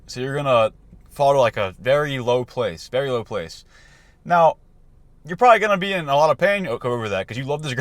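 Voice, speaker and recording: A man's voice: medium pitch, no echo. Casual young man giving life advice. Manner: loose and conversational, many fillers and restarts. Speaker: self-improvement coach. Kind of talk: casual motivational talk to camera.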